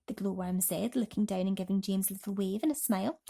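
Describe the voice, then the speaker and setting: A woman reads a children's story aloud at bedtime in a gentle, expressive way. Her voice sits at an ordinary middle pitch. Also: a little fast, creaky, slightly rough. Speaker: storybook reader.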